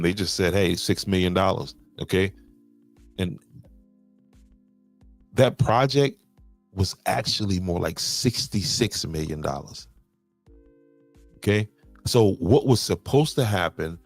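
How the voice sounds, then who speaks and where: A man's voice: low-pitched, a little mellow, no echo. A man, hosting a podcast and explaining local money matters, restarting words and checking in with "okay". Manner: repeats words, restarts and says "okay" often. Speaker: podcast host. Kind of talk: explaining local county finances to viewers.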